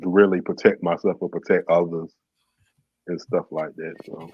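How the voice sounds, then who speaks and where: Man, very low voice, reflective and rambling, dry close sound, dull lo-fi audio. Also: flat delivery, moderate pace, husky, no room sound. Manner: reflective, rambling, many fillers. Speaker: podcast co-host. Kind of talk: casual conversation.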